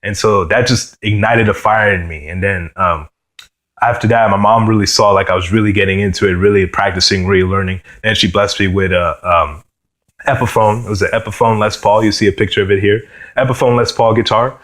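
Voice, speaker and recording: A young man from New York sharing his personal testimony as a guitarist, earnest and halting, often saying "you know" and "man.". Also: fairly low pitch, fairly even intonation, fairly bright tone. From New York, USA.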